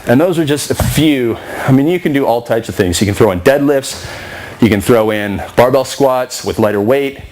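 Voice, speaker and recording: A man trainer explaining a workout circuit in casual talk, out of breath and slowing down as he demonstrates moves. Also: mid-range voice, lively intonation, a little mellow, a little hiss or hum, rough recording. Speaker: fitness trainer.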